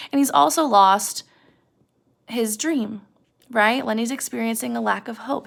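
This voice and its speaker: A woman teacher retells a novel chapter to her class, acting out the characters' quoted lines in animated voices. Her voice is a little high, with vocal fry.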